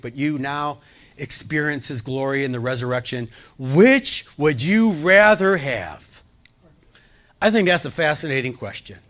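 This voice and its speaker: A male pastor preaching a sermon, lifting his voice for quoted pleas and dropping it soft and low to comfort.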